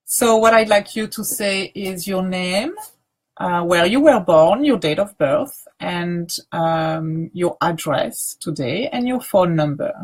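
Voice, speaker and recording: A woman teacher leading a guided grounding practice, speaking softly with many pauses and restarts. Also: on the low side. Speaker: meditation teacher.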